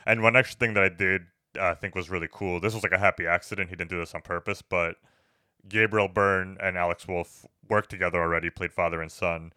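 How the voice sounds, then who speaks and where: Fast-talking, bright-voiced male podcast host. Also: fairly even intonation, clear, resonant tone, no echo, clean studio sound. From United States. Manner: rambling, swears freely, full of "like" and "you know"; jumps into loud high mock voices for quoted lines. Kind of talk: casual movie review chat.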